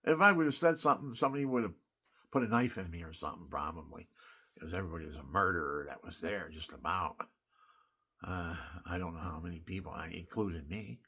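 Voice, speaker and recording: A man's voice: deep voice, fairly quick, pushed and bright, slightly rough. An older man, a military veteran, telling war stories in a rambling, emphatic spoken monologue that wanders and restarts.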